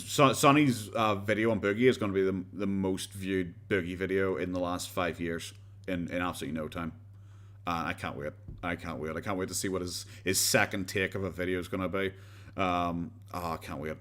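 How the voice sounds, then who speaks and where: A man's voice: sits low, fairly even intonation, a little fast, fairly bright tone. An Irish man hosting a casual commentary livestream, rambling sarcastically with frequent stumbles and restarts. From Ireland. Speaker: livestream host.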